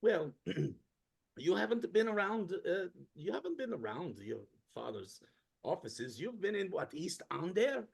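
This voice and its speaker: A man putting on a short, rambling little fellow in a tabletop game, squeaking high with wild swoops up and down. The voice is gravelly and husky, and he talks in oddly ordered, stammering phrases. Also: big pitch swings, measured pace, full character voice. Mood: curious, chatty. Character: short, chatty older man, old family acquaintance. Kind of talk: tabletop role-play voice.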